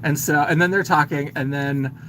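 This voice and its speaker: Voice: medium pitch, steady tone, normal speed, noisy background. A man hosting a live stream, casually retelling a film's plot in a chatty, filler-heavy way and greeting viewers as he goes. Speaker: host.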